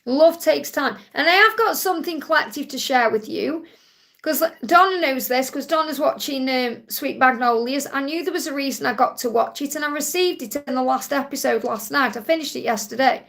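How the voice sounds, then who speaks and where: A woman's voice: high-pitched, brisk, vocal fry, fairly bright tone. A woman with a Stoke-on-Trent accent hosts a live question-and-answer stream as a spiritual reader, speaking in a soothing, reassuring way and often checking in with "okay?". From England.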